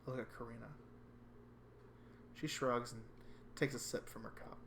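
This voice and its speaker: A man reading a visual novel aloud with calm first-person narration. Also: mid-range voice, moderate pace, a little hiss or hum. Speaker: reader.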